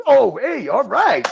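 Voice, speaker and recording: Man, livestream host, very high voice, taunting, mocking. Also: vocal fry, a little hiss or hum, rough recording. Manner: taunting, mocking, repeats "bud". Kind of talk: heated live-stream argument.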